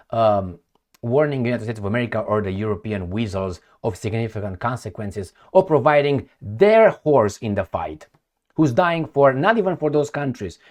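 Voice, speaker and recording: Blunt, sarcastic man with a lively voice. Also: mid-range voice. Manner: blunt, profane, rambling. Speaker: commentator reacting to news. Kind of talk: casual commentary.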